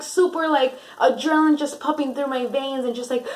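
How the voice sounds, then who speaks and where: A young woman vlogging a storytime, chatty and animated with plenty of fillers. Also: high voice, brisk, hardly any pauses, low-quality recording. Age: young adult. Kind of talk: storytime vlog.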